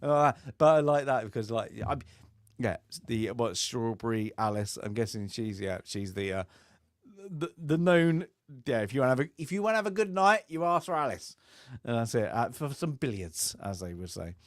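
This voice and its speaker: A man's voice: mid-range voice, big pitch swings, moderate pace, dry recording. Male podcast host, casual rambling film chat, dry close mic. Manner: rambling, many fillers, acts out film lines with laughs.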